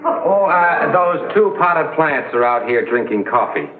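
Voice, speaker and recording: An actor playing a hearty, blustering uncle in a sitcom. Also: male voice, on the high side, expressive, unhurried, heavy background noise. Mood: jovial. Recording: tinny old TV sound, roomy set.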